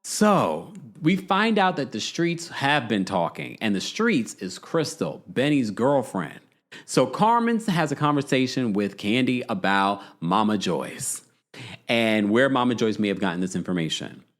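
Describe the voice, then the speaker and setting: Guy host gossiping thru a reality show recap, lively swoopy voice, laughs a lot. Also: mid-range voice, a little slow. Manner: animated and gossipy, laughing often. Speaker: podcast host.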